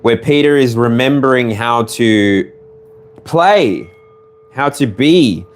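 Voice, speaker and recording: An Australian man talks his way through a collective tarot reading in a loose, rambling, playful manner. His pitch swings widely and animatedly, and he slips into humming and chuckles. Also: lively intonation, slow pace. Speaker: tarot reader.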